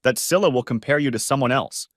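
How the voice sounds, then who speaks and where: A man reading a story aloud, voicing a calm, thoughtful woman who asks probing questions. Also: mid-range voice, no room sound, clean studio sound, pitched above the performer's own voice, lightly acted. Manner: measured, probing.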